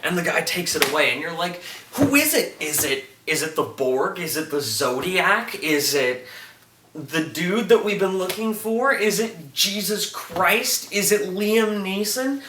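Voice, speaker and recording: Excitable man rambling in an echoey room. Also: sits high, measured pace. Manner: rambling, excitable, makes sound effects. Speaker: TV review vlogger. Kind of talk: casual episode review. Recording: echoey room, mic at a distance, faint noise.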